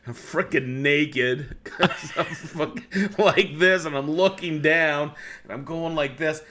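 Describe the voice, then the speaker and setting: A man telling a near-miss woodworking story on a podcast in a lively, profane, laughing manner. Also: on the high side, slow pace, noisy background.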